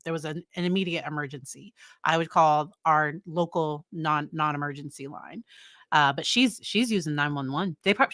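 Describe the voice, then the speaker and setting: A woman psychologist hosts a live-stream commentary in a rather low voice. She talks conversationally, trailing off and restarting, and breaks into exasperated exclamations. The sound is close and dry. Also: a bit bright, no echo. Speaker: psychologist host.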